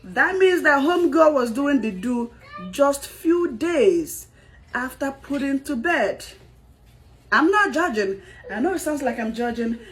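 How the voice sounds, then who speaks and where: A woman's voice: high voice, sing-song, unhurried. A woman giving dramatic reaction commentary, exclaiming and laughing as she talks.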